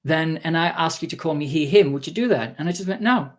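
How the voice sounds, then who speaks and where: A man vlogging a casual story, exasperated and sarcastic, acting out the people he quotes with sudden jumps in pitch. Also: fast. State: tired.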